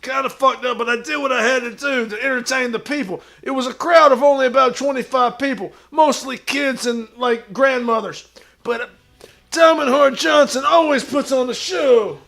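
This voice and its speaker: Guy putting on a super high gravelly wrestler voice, crude and braggy, bright and sharp. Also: normal speed, full character voice. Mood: swaggering bravado. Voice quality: gravelly, shouty bravado. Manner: crude, swaggering, talks of himself in third person. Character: boastful washed-up male pro wrestler. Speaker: streamer in character. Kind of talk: improvised comedy stream.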